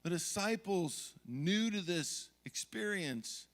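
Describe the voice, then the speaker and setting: A middle-aged man preaching a sermon as pastor, telling stories from family life and acting out yelling moments. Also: high voice, animated, slow, big-room sound. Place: church sanctuary.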